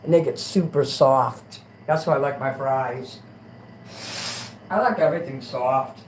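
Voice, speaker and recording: A man hosting a casual late-night livestream, rambling and crude, dropping to mutters and then rising into loud rants. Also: medium pitch, a little slow, a little hiss or hum, rough recording. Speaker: livestream host.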